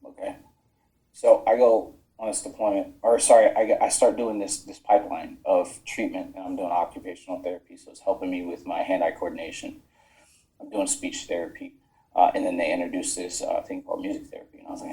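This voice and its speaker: A low-pitched man with a mellow, dark voice recounts his army years as a podcast guest. He talks frankly, swears often, and slips into the voices of the people he quotes. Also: fast, low-quality recording. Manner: frank, swears freely, acts out quoted dialogue. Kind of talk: casual storytelling. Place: podcast studio.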